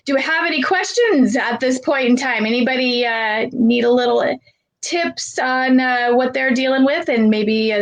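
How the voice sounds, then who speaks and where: A woman hosting a live interview stream. She offers quick affirmations and loose, filler-heavy wrap-ups. Her slightly high voice carries a strong gravelly fry. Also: poor audio. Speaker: host.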